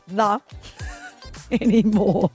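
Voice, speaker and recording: A woman co-hosting breakfast radio, talking in animated, quick banter while she has the hiccups. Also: medium pitch, soft background music. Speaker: radio co-host.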